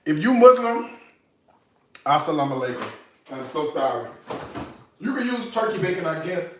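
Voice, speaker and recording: A man's voice: on the high side, very animated, normal speed, slight background noise. Playful chatty man in an echoey kitchen. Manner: playful, chatty, teasing asides. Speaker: cooking show host. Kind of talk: casual cooking demo with jokes. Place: home kitchen.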